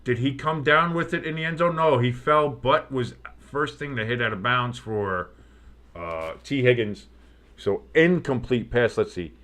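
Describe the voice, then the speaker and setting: A man calling a game live for his stream in a casual play-by-play style. His voice sits at an ordinary middle pitch. He gets excitable on the big plays and cracks jokes to his chat between snaps. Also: unhurried. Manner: excitable, joking, talks to chat.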